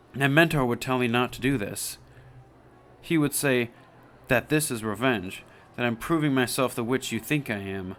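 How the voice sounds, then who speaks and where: A man's voice: mid-range voice, fairly bright tone, lightly acted. A man reading the lines of a cold, bitter young female psychic outcast in a story game.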